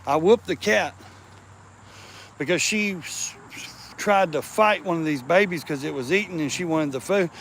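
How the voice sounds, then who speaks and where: A man's voice: a little high, normal speed, long pauses, fairly bright tone, a little hiss or hum. A man chatting casually outdoors, rambling and crude, breaking into baby-talk for the cats around him. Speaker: vlogger.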